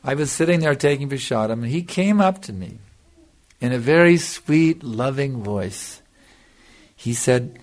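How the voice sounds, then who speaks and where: A man's voice: mid-range voice, expressive, measured pace. An older man giving a devotional lecture as a spiritual teacher, earnest and repeating himself for emphasis, answering a listener's question.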